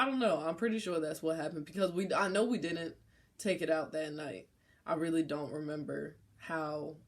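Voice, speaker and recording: A young adult woman vlogger telling a personal story in a casual, slangy, animated way. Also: sits low.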